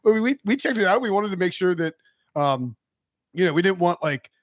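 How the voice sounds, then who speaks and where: Higher-voiced man, dry and close. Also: animated, brisk, no echo. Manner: chatty, laughs easily, stumbles over words. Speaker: podcast co-host. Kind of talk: casual sports podcast chat.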